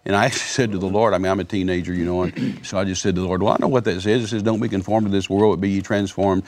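A man's voice: deep voice, fairly even intonation, racing, a little mellow. A man in his seventies telling his own faith story as an interview guest, earnest, repeating himself and acting out the dialogue he quotes. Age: 70s. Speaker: guest, former missionary. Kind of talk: storytelling testimony in a Christian interview.

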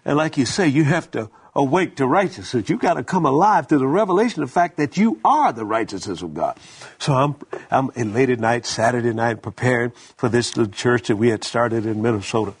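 Husky animated preacher man. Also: mid-range voice, fairly quick. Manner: stammering restarts, animated testimony. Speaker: minister co-host. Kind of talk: casual preaching conversation.

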